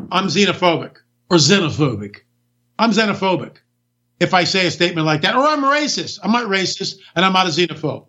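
A man with a high, bright, tense voice rants through a political talk monologue, hammering each point and throwing out rhetorical questions. The sound is dull and lo-fi, with the top end rolled off. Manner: ranting, emphatic, rhetorical questions. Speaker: talk radio host.

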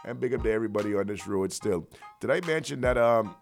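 A man hosting a morning radio show, talking in a loose, energetic, rambling way full of slang. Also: fairly low pitch, fast, gravelly, soft background music. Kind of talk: casual morning radio banter.

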